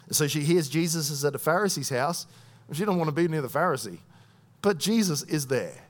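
A man preaching a sermon retells a story, voicing thoughts in a lively way and softening his voice at the moving parts. He speaks slightly high and a little fast.

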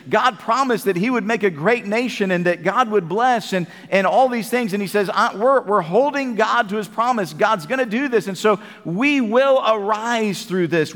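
A man preaching a sermon, animated, swinging between booming calls and hushed words. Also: long reverb tail.

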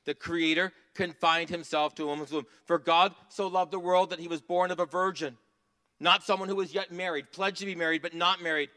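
A man preaching a sermon in a church, earnest, rising to emphatic passages and dropping to soft asides. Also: high-pitched, fairly even intonation, brisk. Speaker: pastor.

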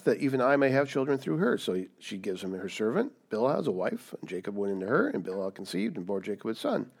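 A man preaching a sermon, animated and emphatic, asking his listeners rhetorical questions as he teaches. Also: lowish voice, quick pace, vocal fry, few pauses, breathy edge. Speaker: pastor.

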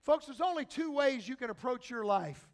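A man preaching a sermon as pastor, moving from quiet, slow passages to shouted calls to the congregation. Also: very high-pitched, expressive.

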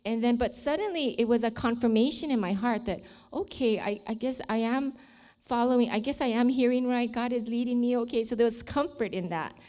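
A woman's voice: fairly high pitch, a little fast, darkish tone. A woman sharing a personal faith testimony with emotion, sometimes dropping to a near-whisper at dramatic moments. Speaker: ministry leader sharing a testimony.

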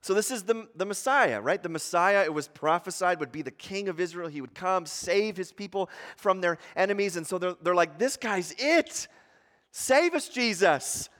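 A man preaching a sermon as pastor, talking in a conversational way with fillers and restarts, rising in pitch and volume when he acts out the crowd. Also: brisk, hardly any pauses, big-room sound. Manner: grows louder and higher when acting out the crowd.

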